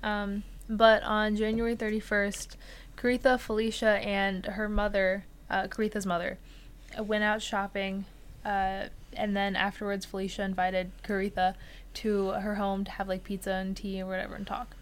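A woman's voice: mid-range voice, moderate pace, clean tone. A young woman casually recounting a true crime case as a podcast co-host, loose and filler-heavy. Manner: relaxed, filler-heavy telling with frequent "like" and "uh".

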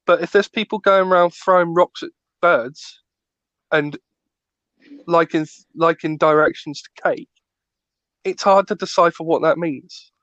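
Ranting man with fairly high pitch. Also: a little slow, pauses often, a bit bright, no room sound, highs cut off. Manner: ranting, playful, acts out scenes. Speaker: podcast co-host. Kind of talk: casual chat.

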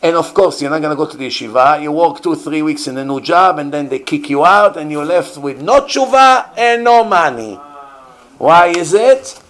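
A man's voice: fairly high pitch, moderate pace, fairly bright tone. Emphatic man preaching with rhetorical questions. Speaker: rabbi teaching. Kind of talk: sermon.

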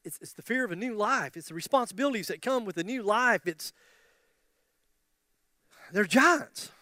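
High-voiced impassioned man preaching. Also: lively intonation, normal speed, sharp tone, no room sound. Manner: impassioned preaching with repeated phrases and joking asides. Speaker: pastor. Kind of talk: sermon.

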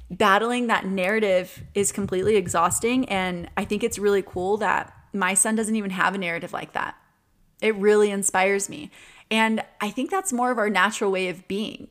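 A woman's voice: medium pitch, a bit bright. A woman in her twenties talking in an earnest, chatty monologue, often laughing and using fillers. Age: 20s. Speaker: podcast host. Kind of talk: casual reflective monologue.

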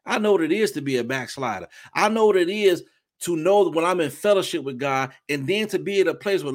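A man preaching a fervent testimony sermon, with sudden loud bursts of praise between softer reflective stretches. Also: on the high side, lively intonation, brisk. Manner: shifts between soft reflection and shouting. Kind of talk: impassioned sermon.

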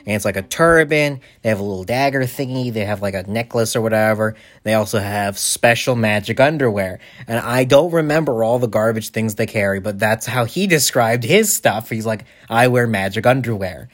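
A man's voice: fairly low pitch, a little fast, few pauses. Rambling man telling an anecdote. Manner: rambling anecdotal storytelling with fillers. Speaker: podcast co-host. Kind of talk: casual chat.

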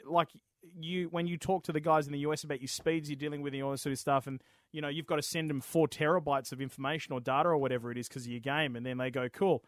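A man's voice: a little high, steady tone, fast talker, hardly any pauses, no room sound, studio quality. An Australian man co-hosting a gaming podcast, agreeing with his mate and explaining his view in casual chat. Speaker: podcast co-host.

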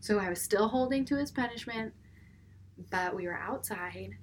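A woman's voice: medium pitch, normal speed, a little hiss or hum. A young woman, a mother, chatting casually as a podcast co-host and acting out stories about her young son. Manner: animated storytelling, acting out her son and herself. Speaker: podcast co-host, mother of a five-year-old. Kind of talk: casual chat.

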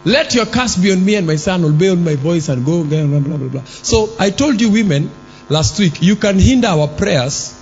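A man preaching a sermon in church. He fires rhetorical questions at the congregation and breaks into shouts. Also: high-pitched, animated, moderate pace, lo-fi sound. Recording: long hall reverb with faint music.

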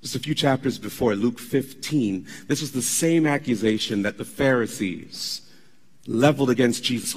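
A pastor delivering a sermon, emphatic and conversational, with asides to the congregation. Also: male voice, on the high side, animated, moderate pace, slightly rough, in a large hall.

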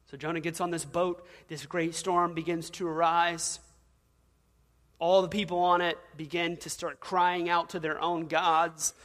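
A man's voice: fairly high pitch, fairly bright tone. A male pastor preaching a sermon, telling stories casually and building to emphatic peaks, in a church. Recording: long hall reverb.

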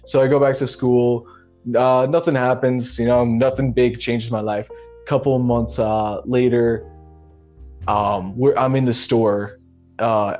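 A young man co-hosting a podcast, telling a long personal story in a relaxed, profane way, with lots of "man" and "you know". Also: on the low side. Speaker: podcast co-host. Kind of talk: casual storytelling chat. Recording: slightly muffled lo-fi audio with faint music.

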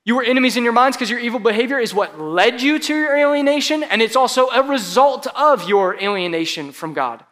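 A man with a high voice preaches a casual, conversational sermon to a live congregation. He sounds informal and talkative, leaning on "like" and teasing the room as a pastor would with his regulars. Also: animated, brisk, few pauses, fairly bright tone. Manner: casual, chatty preaching with frequent "like" and audience banter. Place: church service before a live congregation.

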